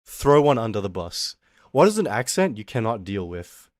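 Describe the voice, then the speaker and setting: A man's voice: fairly low pitch, very animated, moderate pace, no echo, clean studio sound. A man chatting casually on a live stream, rambling playfully and talking to his chat.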